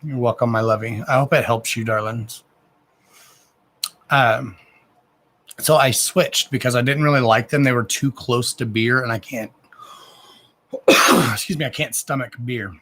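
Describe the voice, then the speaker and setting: A man's voice: medium pitch, measured pace, long pauses, fairly bright tone. A man in his thirties chatting casually on a live stream as a card reader, rambling, with frequent restarts and loose swearing. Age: 30s.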